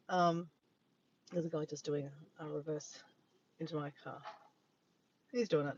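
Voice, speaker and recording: A man's voice: a little high, fairly even intonation, unhurried, long pauses, highs cut off, a little hiss or hum. An Australian man chatting on a casual livestream from his phone in a parked car by the beach, rambling and easily sidetracked. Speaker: vlogger. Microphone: handheld phone camera.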